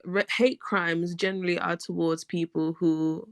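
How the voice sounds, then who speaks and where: A woman's voice: lowish voice, little pitch movement, measured pace, no room sound. A woman, arguing her point with passion in a casual podcast discussion. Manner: passionate, emphatic, argumentative. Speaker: podcast co-host.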